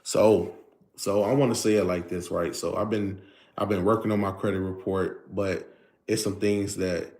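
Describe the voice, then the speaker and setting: A man's voice: sits low, fairly even intonation, normal speed, a little mellow. A man hosting a casual livestream, greeting viewers over and over and explaining things in a loose, filler-heavy way. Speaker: livestream host.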